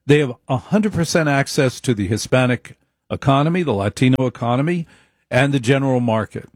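A man's voice: medium pitch, expressive, a little fast, dry recording, studio quality. A man giving an opinionated monologue, emphatic, repeating his points and wandering into asides.

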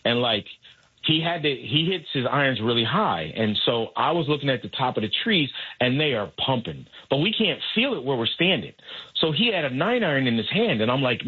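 A man telling a caddying story in casual chat, animated and acting out voices in his anecdote. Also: medium pitch, brisk, slightly rough, narrow, tinny audio. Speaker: guest, golf caddy and comedian.

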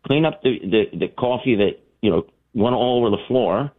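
A man calling a radio show, telling stories in an animated way, stammering and repeating words. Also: mid-range voice, normal speed. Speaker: caller. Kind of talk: anecdotal storytelling on a call-in show. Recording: tinny phone line.

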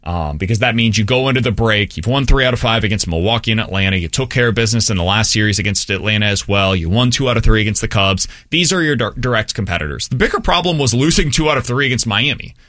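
A man talks baseball in a casual, animated way, his pitch leaping up and down as he makes his points. His voice is bright and forward. The sound is dry and close. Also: fast talker, hardly any pauses, dry recording. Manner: animated, swings between high and low pitch. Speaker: baseball podcast co-host. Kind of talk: casual sports talk.

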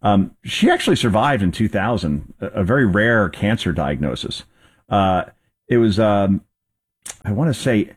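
Husky-voiced man hosting news commentary. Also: fairly low pitch. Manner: rambling, conversational, with fillers and restarts. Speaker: commentary show host.

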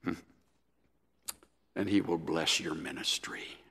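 A man voicing a gentle, wise elderly male seminary professor, speaking kindly and unhurriedly. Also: deep voice, fairly even intonation, takes it slowly, gravelly, husky, pitched below the performer's own voice, heavily acted. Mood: gentle, earnest. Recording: echoey hall.

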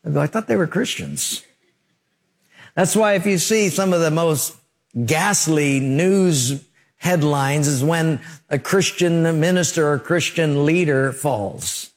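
A male pastor preaching a sermon, telling vivid stories with lively emphasis. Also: on the high side, slow pace. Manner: animated storytelling preacher.

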